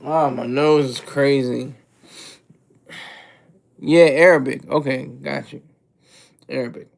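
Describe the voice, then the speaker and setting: A man's voice: medium pitch, steady tone, slow pace, gravelly. A man hosting a casual livestream, rambling and restarting his sentences, chatting with his viewers and chuckling between thoughts. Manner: rambling, self-interrupting, often repeats words. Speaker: livestream host. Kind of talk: casual livestream commentary, reading chat.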